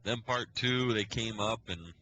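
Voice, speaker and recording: A man's voice: fairly low pitch, unhurried, sharp tone, slight background noise, low-quality recording. A man, a scoutmaster, telling a long story on a casual podcast, acting out the quoted dialogue as he goes. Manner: rambling storyteller who acts out quoted dialogue.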